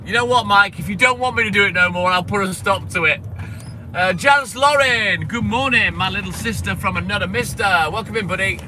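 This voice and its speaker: Driving his milk round, a streamer chats casually with his live audience, swearing freely and greeting viewers by name. His voice sits high and runs a little fast, with a bright, forceful tone. The phone camera picks up a noisy mix of car and street sound from inside the vehicle.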